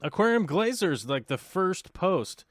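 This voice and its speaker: A man's voice: high voice, very animated, measured pace, no room sound, clean studio sound. An American man hosting a live show, talking in a casual, rambling way full of fillers and restarts. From United States. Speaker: host of aquarium livestream.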